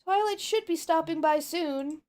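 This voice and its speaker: A woman's voice: extremely high pitch, unhurried, darkish tone, pitched above the performer's own voice. A woman voicing a refined, dramatic pony mare who talks in a genteel way and calls others darling. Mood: gracious.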